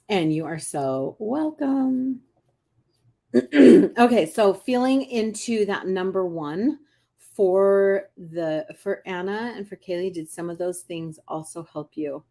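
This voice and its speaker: Woman, intuitive coach, live-stream chat, animated, playful asides, mid-pitched voice, throat clearing. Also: slow, pauses often. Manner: chatty and animated, acts out little voices, many restarts. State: clearing her throat often. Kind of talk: casual live-stream teaching.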